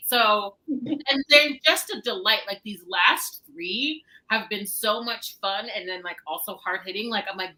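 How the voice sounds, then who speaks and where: A woman co-hosting a casual book discussion, animated and acting out characters' lines. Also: mid-range voice, moderate pace, poor audio. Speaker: book club co-host.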